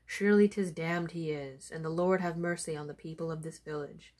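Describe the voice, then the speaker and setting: A stern old-fashioned village doctor from a folk tale, gruff and scolding in a lower tone, as a woman reading the story puts him on. He talks in a firm, clipped way. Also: fairly even intonation, brisk, a little mellow, natural voice.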